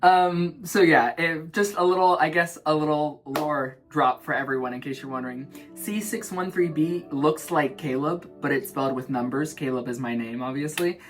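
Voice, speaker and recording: A young man vlogging in his shower, rambling in an animated, self-mocking way. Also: on the high side, moderate pace, few pauses, soft background music. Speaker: vlog host. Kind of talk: rambling stream-of-consciousness chat. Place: in the shower at home.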